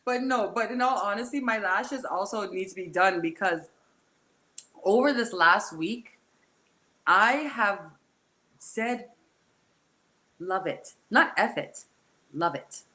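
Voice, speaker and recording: A woman's voice: mid-range voice, animated, slow, pauses often, bright, forceful tone. A woman hosting a group discussion and speaking emotionally and candidly, in bursts with restarts. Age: adult, a mother. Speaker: host.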